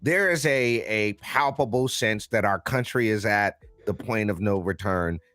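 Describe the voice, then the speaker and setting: A man's voice: lowish voice, a little slow, fairly bright tone, no echo. A man co-hosting a political talk show, emphatic and incredulous, laughing often as he comments.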